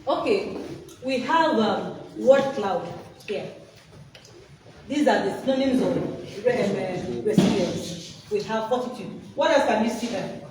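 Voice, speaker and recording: Speaking at a measured pace in a medium, somewhat dark voice, a woman teaches a workshop by quizzing listeners with prompts to complete. The interactive talk was recorded from a distance in an echoey hall, with noise behind it.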